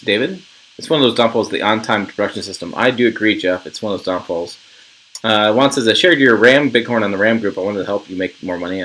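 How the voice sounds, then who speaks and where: A man's voice: lowish voice, fairly bright tone, poor audio. A middle-aged man from Western Nebraska hosting a casual livestream, chatting in a rambling, jokey way and reading viewer comments. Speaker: channel host.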